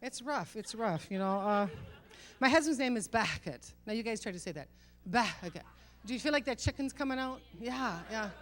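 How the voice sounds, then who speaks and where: A woman's voice: a little high, lively intonation, a little fast. Punchy middle-aged woman doing stand-up. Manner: punchy self-mocking delivery with rhetorical asides. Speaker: stand-up comedian. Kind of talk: stand-up comedy set. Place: stage at a comedy night.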